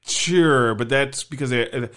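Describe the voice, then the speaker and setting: A man's voice: medium pitch, slow, a bit bright. A man co-hosting a podcast, casually discussing a TV show and often agreeing with his partner. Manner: chatty, lots of agreeing backchannel. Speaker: podcast co-host.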